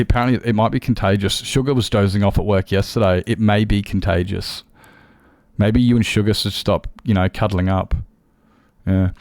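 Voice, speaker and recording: A man's voice: on the low side, a little mellow, no echo, studio quality. A male livestreamer in casual chat with viewers, rambling and candid, swearing freely as he talks.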